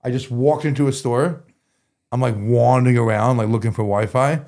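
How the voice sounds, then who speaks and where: A man's voice: medium pitch, fairly even intonation, moderate pace, darkish tone. A man telling a story as a podcast guest, rambling casually with lots of "like" and self-corrections. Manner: rambling, full of "like" and restarts.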